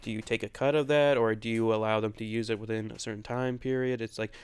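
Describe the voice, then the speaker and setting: A man's voice: on the low side, fairly even intonation, fast, smooth. A man co-hosting a podcast in casual chat, rambling a bit, laughing often and swearing loosely. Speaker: podcast co-host. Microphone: own separate recording.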